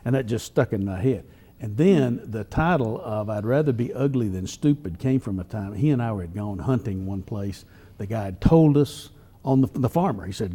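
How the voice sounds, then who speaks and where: An older man, a columnist telling folksy stories in an interview at a drawn-out pace. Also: on the low side, warm tone, slightly rough. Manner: folksy, drawn-out storytelling with chuckles. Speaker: newspaper columnist and humorist. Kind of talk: storytelling interview answers.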